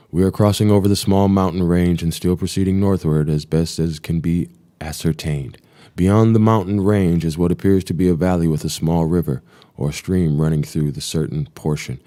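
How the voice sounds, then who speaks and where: A man's voice: deep voice, vocal fry, mellow. A man hosting a live stream, reading a diary aloud and breaking off for profane, sarcastic asides.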